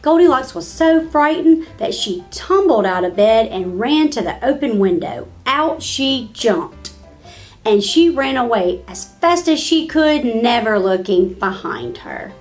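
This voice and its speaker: Expressive woman reading a children's story. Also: on the high side, measured pace, few pauses, soft background music. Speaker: storybook reader.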